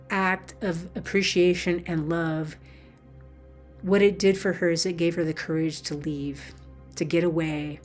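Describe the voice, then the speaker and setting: A woman's voice: lowish voice, steady tone, unhurried, soft background music. A woman spiritual teacher telling a heartfelt personal story in an earnest, emotional way, with many fillers.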